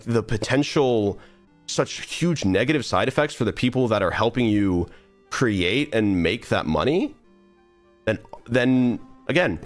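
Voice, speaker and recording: A young man streamer talking earnestly in a casual, rambling monologue full of restarts while he plays a game. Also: medium pitch. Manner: rambling, earnest, many restarts and trailing asides.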